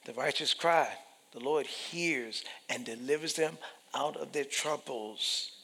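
Gravelly preaching man in reverberant hall. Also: medium pitch, slow pace. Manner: preaching with big swings from whispers to shouts. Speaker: pastor. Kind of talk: sermon.

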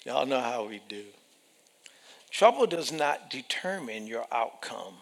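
Animated gravelly preacher man in a reverberant hall. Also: medium pitch, a little slow, a little hiss or hum. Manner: animated, emphatic, acts out quoted voices, repeats phrases. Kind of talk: sermon.

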